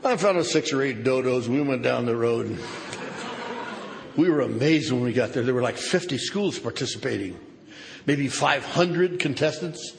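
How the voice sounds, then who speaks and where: An older man speaking at a recovery conference, telling a wry story that swings from loud outbursts to hushed asides. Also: mid-range voice, expressive, moderate pace, vocal fry. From Southern California. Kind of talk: recovery meeting talk with humor. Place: large conference hall. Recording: reverberant hall, noisy live recording.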